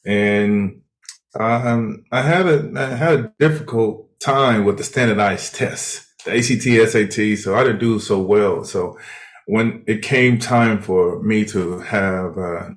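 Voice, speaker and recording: A man's voice: on the low side, slow. A man guesting on a podcast as a performance mentor, talking casually with lots of fillers and restarts. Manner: hesitant, many fillers and restarts, laughs easily. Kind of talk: casual interview chat.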